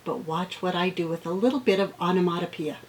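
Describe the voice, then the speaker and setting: A woman's voice: on the low side, poor audio. A woman teaching young children, reading aloud and acting out sound words playfully. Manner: slow, warm-up teacher talk with playful sound effects. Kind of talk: read-aloud lesson for children.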